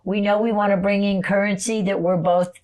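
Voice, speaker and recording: A woman's voice: medium pitch, level tone, a little fast. A middle-aged woman telling stories on a casual podcast as a psychic guest, swearing freely and laughing often. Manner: profane, storytelling, loud laughter.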